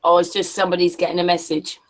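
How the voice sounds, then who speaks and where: A woman's voice: fairly low pitch, flat delivery, fast. A woman hosting a casual podcast chat, asking teasing, friendly questions.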